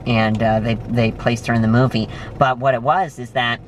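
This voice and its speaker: A young man in a restaurant, chatting casually and telling stories with lively excitement. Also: moderate pace, slight background noise. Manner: animated storytelling, jumps high when excited. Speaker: vlogger. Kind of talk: casual chat. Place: restaurant, indoors.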